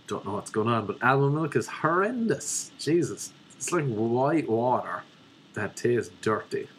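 A man's voice: mid-range voice, measured pace, slight background noise. Ranting, profane young Irishman. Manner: profane, ranting, animated storyteller. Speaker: vlogger. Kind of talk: casual comedic monologue.

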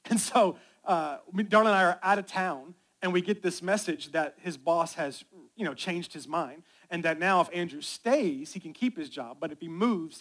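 A middle-aged male pastor preaching a sermon, telling stories and building to loud, excited preaching. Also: fairly high pitch.

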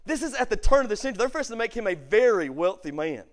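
High-voiced preacher, hushed then booming. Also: male voice, very animated, quick pace. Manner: preaching with dramatic swings from hushed to loud; repeats words for emphasis. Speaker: pastor. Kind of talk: sermon. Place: church.

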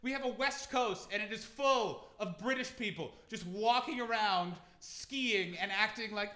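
High-voiced sweary Canadian comedian. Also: male voice, unhurried, few pauses. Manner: animated, sweary, shouting bursts. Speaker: stand-up comedian. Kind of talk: stand-up comedy set. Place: pop-up venue in London. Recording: echoey live venue, audience noise.

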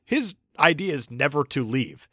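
A man co-hosting a casual movie-review podcast, quick-witted and teasing, arguing his points with jokes. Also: fairly high pitch, very animated, fairly bright tone, dry recording, clean studio sound. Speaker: podcast co-host.

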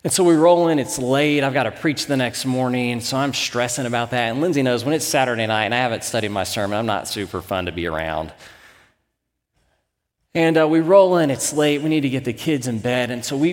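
A man's voice: medium pitch, expressive, a little fast, big-room sound. A man in his thirties, a pastor, preaching a sermon as a candid, self-deprecating personal story.

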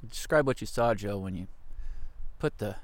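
A man co-hosting a trip podcast outdoors, telling stories excitably and laughing often. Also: lowish voice, moderate pace. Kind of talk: casual chat on a canoe trip.

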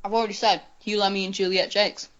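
A woman hosts a podcast, chatting casually and joking at her own expense. Her voice sits at an ordinary pitch. The sound is a little dull and lo-fi. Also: level tone, fast talker, a bit bright. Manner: jokey, self-mocking. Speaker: podcast host. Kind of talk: casual chat.

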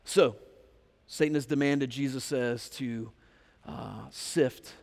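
A man's voice: mid-range voice, fairly even intonation, slow, gravelly, darkish tone, big-room sound. A man preaching a sermon as pastor, talking to the congregation in a direct, conversational way. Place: church sanctuary.

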